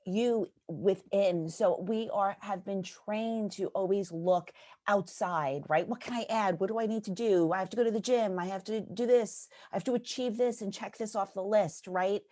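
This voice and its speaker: A woman's voice: medium pitch, normal speed, dark tone. A woman from New York, a business and life coach, speaking as a guest in a casual podcast conversation, earnest and often checking in with "right?".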